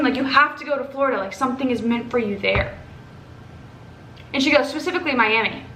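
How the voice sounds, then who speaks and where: A young woman from Texas telling a story to camera in a casual, animated way, swearing and acting out what others said. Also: sits high. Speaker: vlogger. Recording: echoey room with faint ambient noise.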